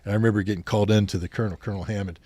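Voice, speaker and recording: A middle-aged man, a podcast guest, telling anecdotes in an interview, getting louder as he retells confrontations. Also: fairly low pitch, fairly even intonation, rapid-fire, no room sound. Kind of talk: storytelling interview.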